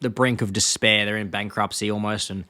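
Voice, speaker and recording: Another casual episode recap comes from a young co-host whose sharp voice moves briskly with fairly even intonation. He wanders as he retells scenes, voicing quoted lines with pitch jumps and often laughing.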